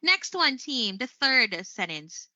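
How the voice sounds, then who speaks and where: A woman teaching an English lesson on a live stream. She speaks slowly and expressively, laughing often. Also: on the high side, no echo. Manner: slow, expressive delivery with frequent laughs. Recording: slightly muffled stream audio.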